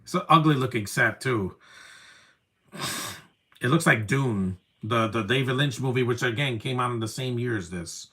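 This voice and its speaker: A young man talks over a film he is watching, offering blunt, wry opinions in a casual way. His voice sits at an ordinary pitch, and his remarks often drop off into low, muttered asides. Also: normal speed, breathy edge. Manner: wry, opinionated, trails off quietly. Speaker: film commentary host. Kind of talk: casual live movie commentary.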